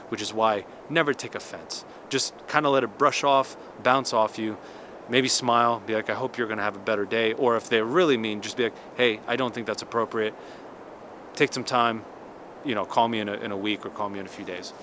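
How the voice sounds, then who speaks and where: Chatty man in his thirties, bright voice. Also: mid-range voice, a little hiss or hum. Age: 30s. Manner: chatty, animated, many restarts and "like". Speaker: vlogger. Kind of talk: casual storytelling monologue.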